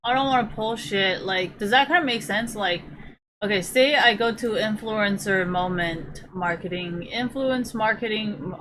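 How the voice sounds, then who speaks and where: A woman's voice: mid-range voice, measured pace, background noise. A woman streamer ranting to her live chat, profane and rambling, sometimes drifting away from the mic as she browses.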